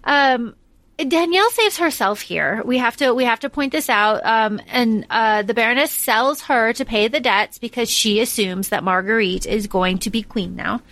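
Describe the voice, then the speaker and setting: A woman's voice: on the high side, normal speed, a bit bright, dry recording. A young adult woman co-hosting a podcast in casual chat, blunt and emphatic, swearing freely. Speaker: podcast co-host.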